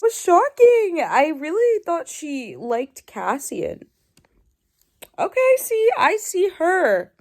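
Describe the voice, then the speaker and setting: High-voiced excitable woman vlogger. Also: slow pace. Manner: excitable, gushing, swings between whispers and squeals. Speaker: book vlogger. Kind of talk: casual reading reaction vlog.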